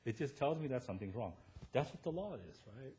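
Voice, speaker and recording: A male pastor preaching a sermon in a church, telling self-deprecating stories and often checking in with "right?" before rising to loud emphatic points. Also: mid-range voice, brisk. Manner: animated storytelling, rising to loud emphatic peaks, tag questions "right?".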